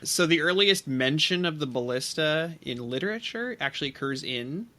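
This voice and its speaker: A man's voice: on the high side, expressive, normal speed, sharp tone. A man co-hosting a casual podcast, explaining a topic at length with many fillers and restarts. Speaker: podcast co-host.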